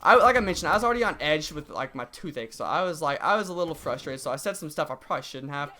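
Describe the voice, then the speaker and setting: Fast-talking young man telling a story. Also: fairly high pitch, expressive, pushed and bright. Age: 20s. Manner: rambling, heavy use of "like". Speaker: gaming vlogger. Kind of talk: casual story time.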